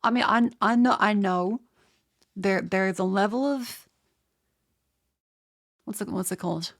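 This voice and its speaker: A nasal-voiced young Australian woman streams a casual, rambling chat with her viewers, stumbling and restarting while she shakes off a cold. She speaks at a medium pitch and a little slowly.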